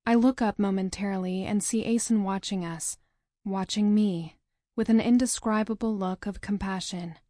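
A woman narrating a novel in the first person, with a measured, dramatic reading. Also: mid-range voice, fairly even intonation, dark tone, no echo, clean studio sound. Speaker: audiobook narrator.

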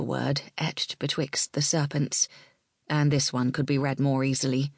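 Low husky woman reading a story, slips into whispers, dry close sound. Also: dry recording. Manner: measured and expressive, dropping to whispers. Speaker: narrator. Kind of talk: scripted audiobook narration.

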